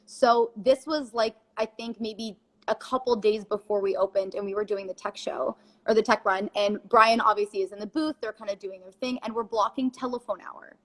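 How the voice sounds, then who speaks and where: A woman's voice: medium pitch, fairly even intonation, normal speed, low-quality recording. A woman in her twenties, a guest in a casual chat, telling stories animatedly and laughing easily.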